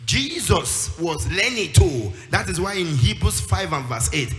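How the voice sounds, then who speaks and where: A man's voice: high voice, sing-song, a little slow, a bit bright. A man preaching a sermon with emphasis, acting out the voices of the people he quotes and rising into a sing-song delivery. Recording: echoey hall with music behind.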